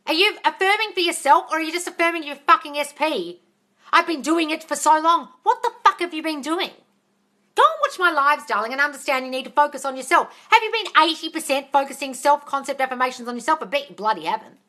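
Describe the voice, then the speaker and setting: A woman's voice: high-pitched, animated, fast talker, sharp tone. A woman hosting a casual live question-and-answer session as a manifesting coach, blunt and profane, calling listeners darling. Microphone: phone.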